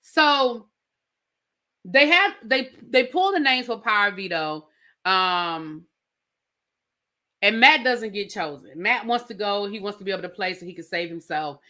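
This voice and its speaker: A woman reviewing a reality show in a casual, animated and sassy recap, talking straight to her viewers. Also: mid-range voice, a little slow, long pauses. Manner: animated, sassy, emphatic, addresses viewers directly.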